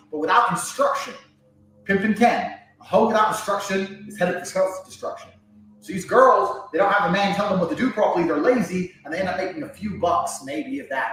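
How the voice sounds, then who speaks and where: A man delivering an instructional sales pitch in a rapid, lecturing way. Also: a bit bright. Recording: very echoey, distant from the mic, faint noise.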